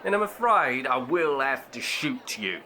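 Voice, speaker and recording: An actor playing a brusque, bumbling police inspector who barks commands in a comic radio play. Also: male voice, mid-range voice, very animated, unhurried, bright, forceful tone, a little hiss or hum, exaggerated voice. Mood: commanding. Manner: barking, commanding.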